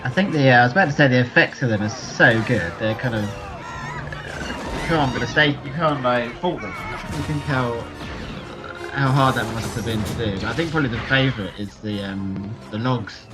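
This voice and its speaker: A man's voice: medium pitch, normal speed, music in the background. A man co-hosting a casual movie commentary, enthusing with some hesitation. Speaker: podcast co-host. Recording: film soundtrack playing behind.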